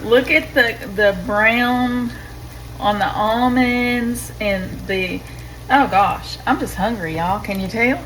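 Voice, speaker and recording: A woman hosting a home cooking vlog. She chats warmly and directly to her viewers and raves about the food. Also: on the high side, takes it slowly, a little hiss or hum. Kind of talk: casual cooking vlog chat. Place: home kitchen.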